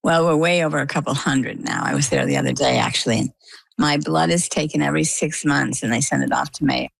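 A middle-aged woman from Maine tells her own story in an interview, acting out the voices of the people in it. Her voice sits low with a gravelly edge. The sound is dry and close. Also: brisk, no room sound, poor audio. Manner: animated storytelling, acts out quoted dialogue. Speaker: interview guest.

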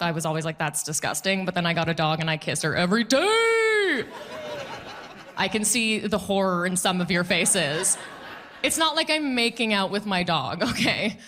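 A woman comedian doing a stand-up set, animated and punchy, often laughing at her own jokes. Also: on the low side.

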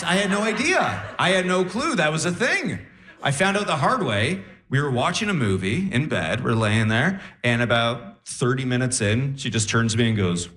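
A male stand-up comedian telling a story on a club stage and acting out his partner's sleep talk in animated bits. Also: mid-range voice, moderate pace, a little hiss or hum.

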